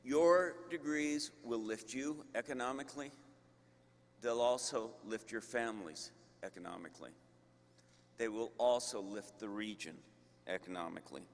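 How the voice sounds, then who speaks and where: A man giving a commencement speech to graduates as a university leader, slow and emphatic with deliberate pauses. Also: medium pitch, creaky, slight background noise. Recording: long reverb of a large hall.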